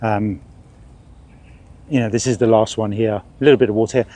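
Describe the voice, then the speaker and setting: A middle-aged man narrates a casual vlog outdoors in a park, rambling chattily in fits and starts while he birdwatches. He's sweating and swatting at ants and bugs, speaking a little fast in a lowish, mellow voice with fairly even intonation.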